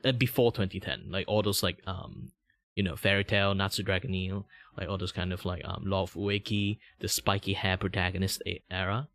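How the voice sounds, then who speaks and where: A man in his thirties from Malaysia, with a Malaysian English accent, chatting casually on a livestream and rambling with many fillers. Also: a little fast. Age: 30s. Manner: rambling, many "like" fillers, jumps to a much higher voice when excited. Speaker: VTuber streamer.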